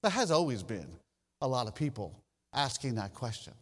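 A man preaching a sermon as pastor, animated, with drawn-out pauses and phrases that trail low. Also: husky. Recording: long reverb of a hall.

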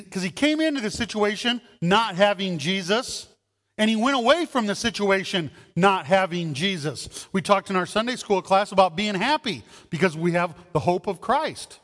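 A man's voice: high-pitched, fairly bright tone, long reverb tail. A man preaching a sermon as pastor, talking conversationally and asking the congregation rhetorical questions.

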